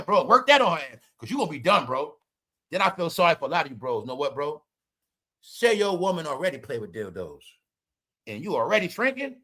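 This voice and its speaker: A man giving casual comedic commentary to his audience, loud and profane, laughing often and swinging between shouting and muttering. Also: high voice, sing-song, quick pace. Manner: profane, talks straight to the audience. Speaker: online commentator.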